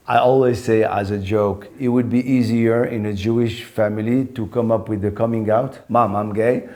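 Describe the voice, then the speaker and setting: A middle-aged man from Morocco, speaking English as a guest comedian in an interview and telling lively anecdotes. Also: fairly low pitch, moderate pace. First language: French. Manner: animated, acts out quoted voices. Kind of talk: interview storytelling.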